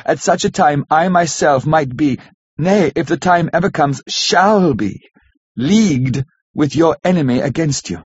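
Guy doing a devoted young wife, earnest and solemn, husky, kinda dull lo-fi audiobook sound. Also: on the high side, lively intonation, unhurried, voice pushed up. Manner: earnest, pleading, softly solemn. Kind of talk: audiobook character reading.

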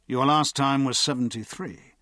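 A man reading the part of a relaxed, commanding gentleman thief in a clipped, brisk manner. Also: medium pitch, no echo, clean studio sound, natural voice.

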